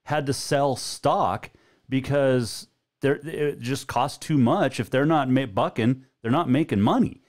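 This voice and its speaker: A man from Montana hosting a radio show, chatting with a guest in a relaxed, conversational way. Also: mid-range voice, measured pace. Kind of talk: casual interview chat.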